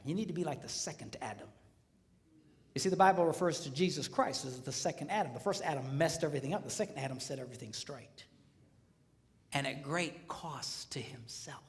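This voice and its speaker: A man giving a live relationship seminar, swinging between hushed whispers and shouts. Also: mid-range voice, vocal fry. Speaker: seminar speaker. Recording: echoey hall.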